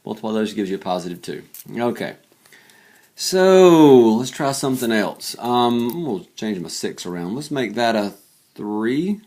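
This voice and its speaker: A man's voice: medium pitch, big pitch swings, unhurried, a little mellow. A tired man talking casually and thinking aloud as he works through math problems late at night, joking about his own slips. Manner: chatty, thinks aloud while solving, self-deprecating. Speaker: math teacher. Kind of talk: casual worked-example math lesson.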